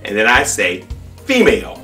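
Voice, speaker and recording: Rambling comedy host in an echoey room. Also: male voice, mid-range voice, animated, moderate pace, fairly bright tone, far from the mic, soft background music. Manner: joking, rambling with restarts. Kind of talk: improvised comedy banter.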